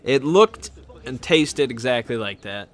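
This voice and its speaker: A man's voice: mid-range voice, animated, measured pace. A man hosting his channel, telling a rambling, amused anecdote in a casual way. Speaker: channel host. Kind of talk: casual storytelling.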